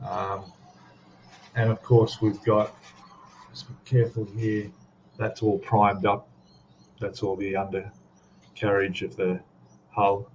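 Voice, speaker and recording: A man's voice: lowish voice, flat delivery, slow, pauses often, a little mellow. A man with an Australian accent hosting a casual live stream, rambling easily and reading out chat messages as he goes. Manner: rambling, easygoing, reads chat aloud. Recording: dull lo-fi stream audio, faint noise.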